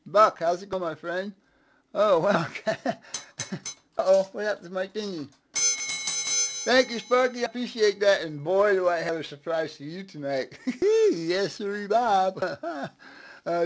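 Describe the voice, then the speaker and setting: A man hosting a casual live stream, chatting, laughing often and greeting viewers one by one. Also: high-pitched.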